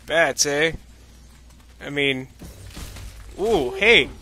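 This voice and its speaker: A man's voice: fairly high pitch, drawn-out words, bright, forceful tone, a little hiss or hum. A man giving rambling, jokey commentary while playing a video game, full of sarcastic asides. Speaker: let's-play commentator. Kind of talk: casual gameplay commentary.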